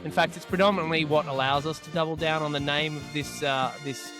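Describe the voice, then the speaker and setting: Male quiz host, brisk and jokey, slightly high register. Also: fairly even intonation, over music. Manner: brisk, laughing, crude banter. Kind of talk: casual podcast chat.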